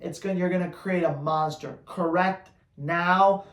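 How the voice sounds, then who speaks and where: A man who trains dogs, answering viewer questions on a live Q&A in a blunt, energetic, slangy way. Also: high-pitched, unhurried, echoey room. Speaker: dog trainer.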